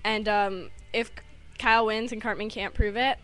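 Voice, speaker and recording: A woman's voice: medium pitch, steady tone, moderate pace, fairly bright tone. A woman vlogger chatting casually, rambling and giggling as she retells a cartoon episode. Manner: rambling, giggly, lots of fillers.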